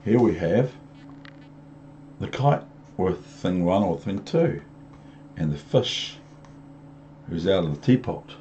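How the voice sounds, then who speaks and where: An older man with a New Zealand accent reading a picture book aloud to children, gently explaining as he goes. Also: low-pitched, animated. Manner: gentle, explains slowly with pauses. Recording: dull home recording with faint noise.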